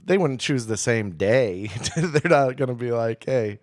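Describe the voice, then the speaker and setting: Male comedy podcast co-host, crude and rambling, dry close mic, mid pitch. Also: animated, measured pace, darkish tone, no room sound. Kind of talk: casual comedy podcast chat.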